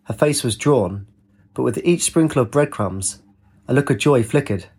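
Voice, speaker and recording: A man narrating a story in a steady, even reading voice. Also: mid-range voice, moderate pace, breathy edge. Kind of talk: audiobook narration.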